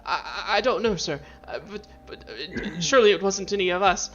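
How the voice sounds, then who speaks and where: A man's voice: high-pitched, expressive, slow, sharp tone, muffled recording, pitched above the performer's own voice, full character voice. A man doing a panicky stammering young acolyte. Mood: stammering fear. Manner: stuttering, panicked.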